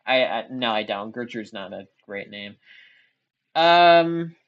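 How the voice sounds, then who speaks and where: A woman's voice: very deep voice, animated, slow pace, highs cut off. A woman live-streaming, chatting casually with her chat in a rambling, giggly, self-deprecating way.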